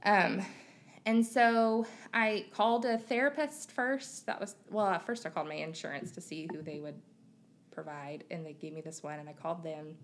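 A woman in her thirties from Missouri talks openly as a podcast guest. Her voice sits low, with a gravelly fry running through it, and she pauses often on fillers as she reflects. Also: fairly even intonation, a little hiss or hum. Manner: open and reflective, with frequent fillers. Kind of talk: candid conversational interview.

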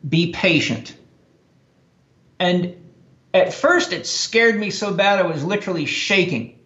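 A man's voice: sits high, normal speed, fairly bright tone. A man being interviewed, earnestly and reflectively recounting personal experiences, often restarting his sentences. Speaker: interview guest. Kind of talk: personal life story in conversation. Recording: echoey, slightly dull recording.

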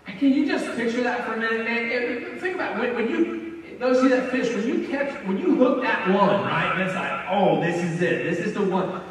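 A man preaching a sermon as pastor, telling the story in a conversational, animated way with asides to his congregation. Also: extremely high pitch, brisk. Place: church sanctuary. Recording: echoey hall, mic from far off.

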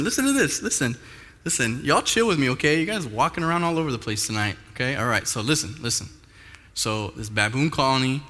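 Male pastor, sermon, casual, asks the room questions, bright tone, echoey hall. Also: mid-range voice. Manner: casual, talks straight to the crowd with frequent questions. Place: large room with a live audience.

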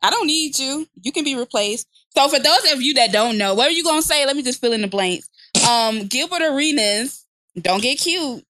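A woman's voice: high voice, expressive, moderate pace, noisy background. A woman co-hosting a casual podcast, talking bluntly and profanely and laughing often. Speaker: podcast co-host.

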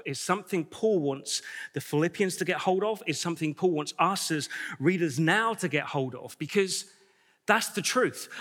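A man's voice: high-pitched, fairly bright tone. A man preaching a sermon to his church, enthusiastic and emphatic, repeating key lines for effect. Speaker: pastor. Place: church hall with congregation. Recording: reverberant church hall.

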